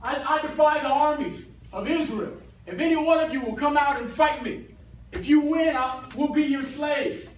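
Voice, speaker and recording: A man's voice: very high voice, moderate pace, a little hiss or hum. A man voicing a huge, boastful giant warrior who mocks his enemies. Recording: echoey hall, distant mic.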